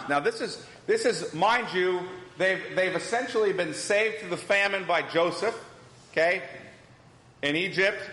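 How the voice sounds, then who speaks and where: A man with a high-leaning, pushed and bright voice leads a Bible class in a church hall, questioning the group and echoing their responses. The hall is echoey, with a long reverb.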